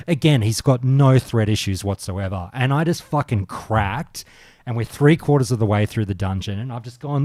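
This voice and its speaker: A man hosting a casual podcast chat, telling stories as an animated rant full of swearing. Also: medium pitch, moderate pace, no echo, clean studio sound. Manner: swearing, animated ranting storyteller. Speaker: podcast host.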